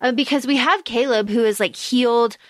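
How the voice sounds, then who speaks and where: A woman's voice: on the high side, fairly quick, no room sound. A woman co-hosting a podcast, chatting casually about a book, swearing freely and using lots of fillers. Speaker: podcast co-host.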